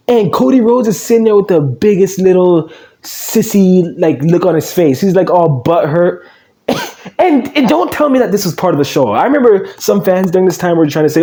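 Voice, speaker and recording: A man's voice: high-pitched, animated, moderate pace, mellow. A male YouTuber giving a ranting, mocking commentary, quoting others in whiny voices and laughing.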